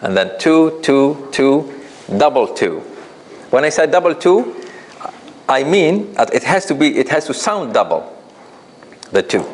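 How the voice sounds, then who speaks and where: A man teaching a recitation class, patiently explaining rules, asking his students questions and demonstrating with drawn-out chanted examples. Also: on the high side, big pitch swings, slight background noise, rough recording. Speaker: tajweed teacher.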